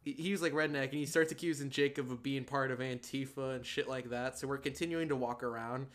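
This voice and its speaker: A young man in his late teens co-hosting a podcast, telling rambling, profane stories in casual chat with loud bursts of laughter. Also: medium pitch, steady tone, fast talker. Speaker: podcast co-host.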